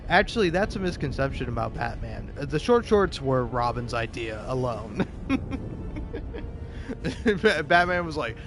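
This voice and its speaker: A man's voice: medium pitch, lively intonation, unhurried, noisy background. A young man chatting casually as he plays and comments on a game, rambling with many restarts and swearing. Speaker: YouTuber, gameplay commentator. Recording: game music behind.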